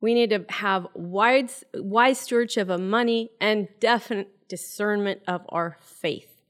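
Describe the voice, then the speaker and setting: A woman's voice: medium pitch, measured pace. A middle-aged woman co-hosting a radio talk show, speaking in an earnest, conversational way. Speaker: co-host. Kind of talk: casual radio chat.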